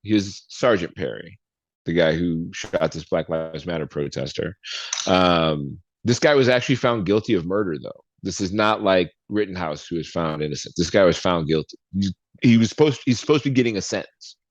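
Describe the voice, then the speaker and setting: Low-voiced man, dry lo-fi podcast sound. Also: animated, moderate pace. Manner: laid-back, reads out news items, chuckles. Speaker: podcast co-host. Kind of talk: casual chat. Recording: dull lo-fi sound.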